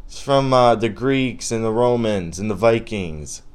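A young man with a slightly low voice riffs through his own podcast in a loose, joking rant. He swears constantly and wanders off topic as the thoughts come. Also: lively intonation, a little slow, hardly any pauses, smooth. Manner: profane, rambling, loose and joking. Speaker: podcast host. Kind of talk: casual comedic rant.

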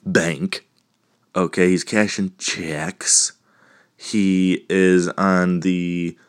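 A man hosting a casual solo podcast, rambling and joking, with a lingering cough. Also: low-pitched. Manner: joking, rambling, laughs at own puns. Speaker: podcast host.

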